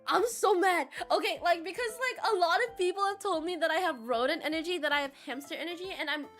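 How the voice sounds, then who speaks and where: A woman chatting casually on a stream, reading out chat and rambling with lots of filler words, sometimes breaking into laughing shouts. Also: very high voice, fast talker, faint music behind.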